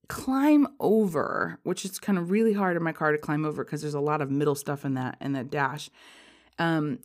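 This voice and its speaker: Casting note: low-pitched woman podcast host, heavily pregnant, rambling and chatty, quick to laugh. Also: a little mellow. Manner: chatty, rambling, many fillers, laughs often. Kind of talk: casual spiritual podcast chat.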